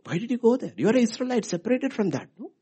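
Husky, dramatic male preacher. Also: very high-pitched, big pitch swings, very fast. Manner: dramatic, swings from loud outbursts to hushed whispers. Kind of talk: sermon.

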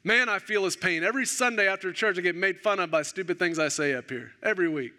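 A male pastor preaching a sermon, animated and self-deprecating, acting out the dialogue of the story. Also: high voice, quick pace.

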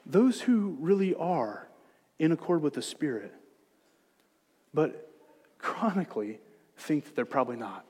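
A man with a high voice preaches a sermon to his congregation. He drops to soft, gentle reassurance, then rises to loud, emphatic exhortation. His voice rings in the long reverb of a church sanctuary. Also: lively intonation, a little slow, pauses often, slightly rough. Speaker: pastor.

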